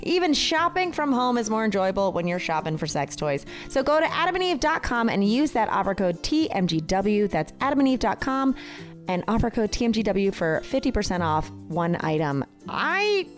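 A woman's voice: medium pitch, big pitch swings, moderate pace, soft background music. A young woman hosting a podcast, brash and playful in casual chat and a read ad. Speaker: podcast host.

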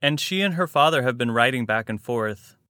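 A man hosting a podcast in casual chat, playful and quick to laugh. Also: mid-range voice, expressive, sharp tone, dry recording, studio quality. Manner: playful, laughs often, acts out quotes. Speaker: podcast host.

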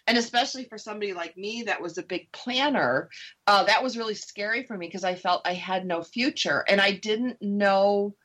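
A woman's voice: mid-range voice, moderate pace, fairly bright tone. A woman radio host talking candidly about recovering from divorce in a casual conversation. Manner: chatty, candid, laughs easily. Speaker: radio show host sharing her divorce story.

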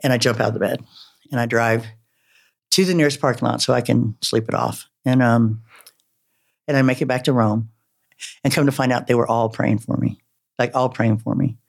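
A man telling his life story in a casual, rambling way, halting often with fillers and turning self-mocking. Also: mid-range voice, fairly even intonation, vocal fry. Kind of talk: personal storytelling.

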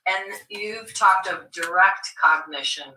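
A woman's voice: mid-range voice, slow pace, sharp tone. A woman asking a teacher a question on a video call, hesitant and thoughtful. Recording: echoey, distant, noisy call audio.

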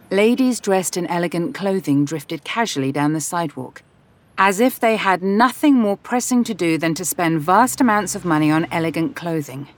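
A woman narrating an audiobook in a steady, expressive reading voice. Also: fairly low pitch.

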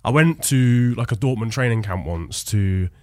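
A young British man chatting casually as a podcast guest, telling animated stories with frequent laughs. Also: medium pitch, moderate pace, dry recording, clean studio sound. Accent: British English.

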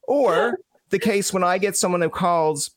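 A man's voice: high-pitched, a little slow, dry recording, clean studio sound. Chatty man. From Newfoundland. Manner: chatty, with many likes and hedges. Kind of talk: casual podcast chat.

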